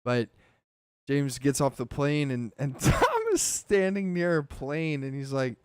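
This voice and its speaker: A man hosting a podcast, telling a story in a casual chat with animated, swearing delivery. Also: mid-range voice, a little slow, clean tone, no echo, clean studio sound. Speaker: podcast host.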